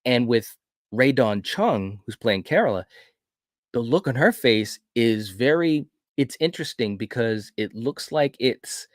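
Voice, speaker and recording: A man's voice: mid-range voice, expressive, a little slow, no echo, clean studio sound. A man co-hosting a casual podcast, retelling a horror film scene by scene in an enthusiastic, rambling way. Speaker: podcast co-host. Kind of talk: casual film review chat.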